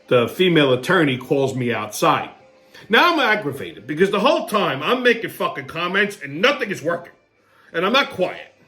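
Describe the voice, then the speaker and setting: A man's voice: mid-range voice, fairly bright tone. A man hosting his own show, telling a long story in a blunt, rambling and profane way. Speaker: host. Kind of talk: casual storytelling monologue.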